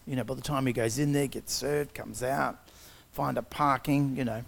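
A man's voice: medium pitch, steady tone, moderate pace, gravelly. A man giving a personal testimony, retelling events conversationally and acting out the quotes.

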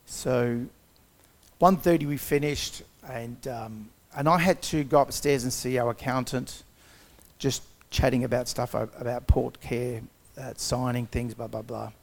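A man's voice: mid-range voice, steady tone, a little slow, creaky. A man giving a personal testimony, retelling events conversationally and acting out the quotes.

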